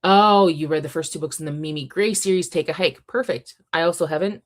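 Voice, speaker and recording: Chatty low-voiced young woman. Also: a little fast. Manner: chatty, gushing, laughs often, many ums. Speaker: livestream host reading chat. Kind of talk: casual livestream chat about books.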